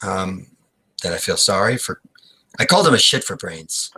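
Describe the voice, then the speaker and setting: Bright-voiced man rambling in improv. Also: low voice, big pitch swings, breathy edge, rough recording. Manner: rambling, halting speech full of restarts. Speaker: improv performer. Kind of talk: improvised comedy scene. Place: small theater stage.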